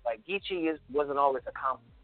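A man's voice: medium pitch, fast talker, soft background music. Charleston-accented man explaining patiently. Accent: Charleston, South Carolina. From South Carolina. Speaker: guest. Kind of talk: explanatory conversation. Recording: tinny phone-like line.

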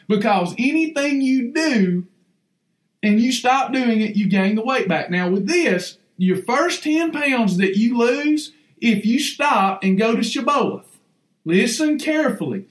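A man's voice: very high voice, animated, measured pace, echoey room. A man preaching fervently as a podcast host, folksy and emphatic, repeating lines for effect. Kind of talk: fiery preaching on weight loss.

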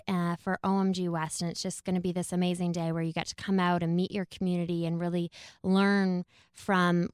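A woman co-hosting a casual podcast chat, chatty with quick agreeing interjections. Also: lowish voice, a little mellow, smooth, dry recording, studio quality. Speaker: podcast co-host.

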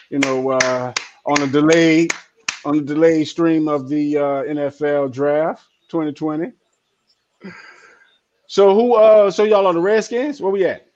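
A man hosting a draft watch party over a group call, animated and slangy, acting out quotes in his stories. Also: fairly high pitch, lo-fi sound, background noise. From New Orleans. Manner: animated storyteller, slangy, acts out quotes loudly. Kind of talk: casual chat.

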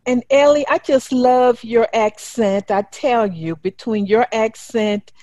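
A woman's voice: a little high, takes it slowly, darkish tone, dry recording. A woman with a Southern American accent hosting a radio interview show, speaking with upbeat enthusiasm.

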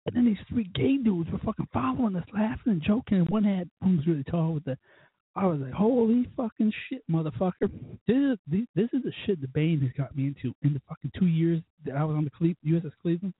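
A man's voice: on the high side, animated, fast talker, no room sound. A drunk man hosting a podcast, rambling profanely through stories with quoted asides. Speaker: podcast host. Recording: tinny phone-like line, husky voice.

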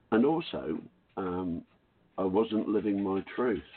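An older man calling in to a talk radio show, telling his story in a frank, confident, unhurried way. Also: low-pitched, husky. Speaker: caller. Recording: tinny phone line.

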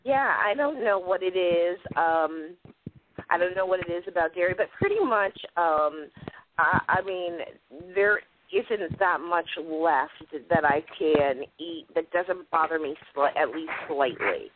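A woman's voice: fairly low pitch, a little slow, slight background noise. A woman hosting a radio show, chatting casually and laughing often. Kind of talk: casual chat. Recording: phone-line audio.

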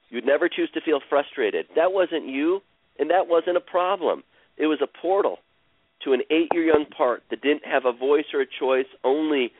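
A man guiding a caller through an emotional healing session, speaking slowly and soothingly and repeating phrases. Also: medium pitch, no echo. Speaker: healer guiding a caller on a radio show. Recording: dry, tinny phone-like radio sound.

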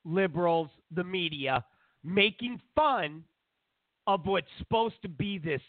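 A man's voice: high-pitched, takes it slowly, no room sound. A man hosting a talk show, delivering a sarcastic, digressive, opinionated rant. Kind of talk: opinionated monologue. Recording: dry, phone-like narrow sound.

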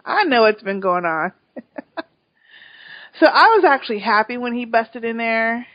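A woman's voice: a little high, a little slow, dry recording. A woman co-hosting a podcast, retelling a TV episode in casual chat and acting out the characters' lines. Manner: animated retelling, acts out characters' lines, laughs. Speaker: podcast co-host. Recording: dull lo-fi dry sound.

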